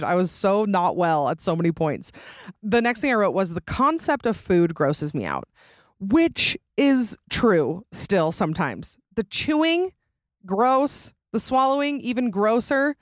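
A woman's voice: mid-range voice, big pitch swings, slow, dry recording, clean studio sound. A young adult woman hosting a podcast, chatting casually and dramatically, often laughing. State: pregnant. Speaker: podcast host. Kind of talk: casual chat.

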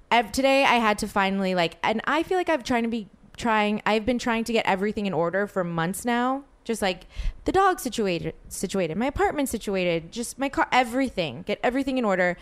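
A woman with a smooth, clear voice chats casually as a podcast host. She rambles through her story, filling it with one "like" after another. Her pitch sits in an ordinary middle range. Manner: rambling storyteller, filler-heavy with many "like"s. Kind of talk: casual chat.

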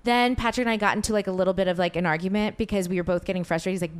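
A woman's voice: mid-range voice, very fast, few pauses. A young woman casually telling a long, rambling story to a co-host, full of fillers and quoted back-and-forth. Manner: rambling, animated, filler-heavy retelling.

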